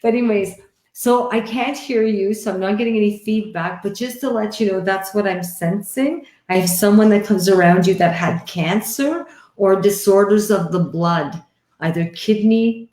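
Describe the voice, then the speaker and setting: A woman's voice: mid-range voice, measured pace, a little mellow, echoey room. A woman hosting a casual live stream from home, giving readings to viewers and chatting affectionately with them. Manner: chatty and affectionate, calls people honey and sweetheart. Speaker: livestream host giving psychic readings. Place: home, indoors. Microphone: headset or computer mic on a live stream.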